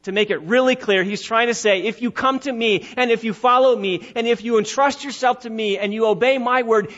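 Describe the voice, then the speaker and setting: A man's voice: very high-pitched, a bit bright, muffled recording. A man preaching a sermon as pastor, emphatic, drawing out and stressing his key phrases. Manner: emphatic preaching, slowing and rising on key words.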